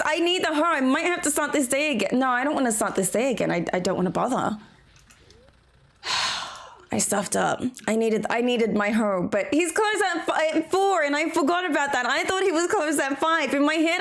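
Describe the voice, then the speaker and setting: A woman's voice: high-pitched, lively intonation, fairly quick, a bit bright. A woman from Australia streaming a farming game, chatting casually with her viewers and giggling often as she plays. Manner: chatty, giggly, talks to chat while playing. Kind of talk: casual gameplay commentary.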